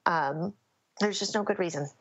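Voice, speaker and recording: A woman's voice: lowish voice, moderate pace, a bit bright, slightly rough, highs cut off. A woman speaking as an interview guest in a candid personal conversation, often stopping and restarting as she searches for words.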